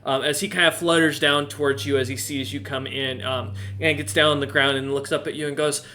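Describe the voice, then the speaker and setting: A man's voice: a little high, level tone, a little fast, bright, forceful tone, a little hiss or hum. A man narrating as game master in a tabletop game, hesitant with many fillers. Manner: hesitant, lots of ums and uhs.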